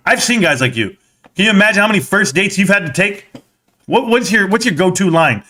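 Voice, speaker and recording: Man, live stream host, heated combative rant, high voice, bright and forceful tone. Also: big pitch swings, a little fast. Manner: heated, combative, talks back to chat. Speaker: stock market live streamer.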